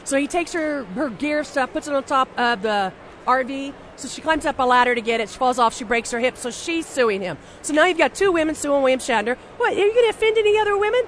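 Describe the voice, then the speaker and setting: A woman guest in an interview, telling blunt, animated stories in a casual way with frequent restarts and some swearing. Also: sits high, fast talker, a little hiss or hum. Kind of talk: casual anecdotal storytelling.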